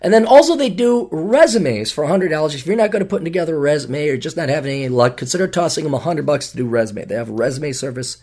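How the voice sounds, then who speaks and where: A man's voice: on the high side, lively intonation, fast, few pauses, a little mellow. A man from Minnesota hosting his own podcast, talking casually in a sarcastic, ranting way and swearing freely. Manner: mocking voices when quoting people. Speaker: podcast host. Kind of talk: casual solo podcast monologue.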